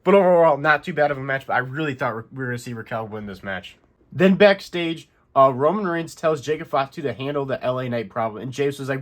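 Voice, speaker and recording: A man's voice: mid-range voice, quick pace, fairly bright tone. A man hosting a casual wrestling recap, rambling through the action and correcting himself as he goes. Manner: rambling, self-correcting play-by-play. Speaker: wrestling recap channel host.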